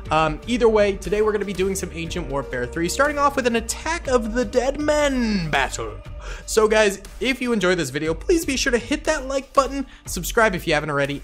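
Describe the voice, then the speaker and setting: A man hosting a gaming channel, giving hyped, slangy gameplay commentary with loud excited outbursts. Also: on the high side. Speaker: gaming YouTuber host.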